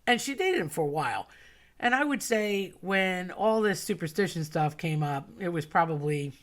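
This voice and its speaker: A woman casually telling a personal story in a chatty, animated way, acting out the voices of the people she quotes. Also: lowish voice, moderate pace.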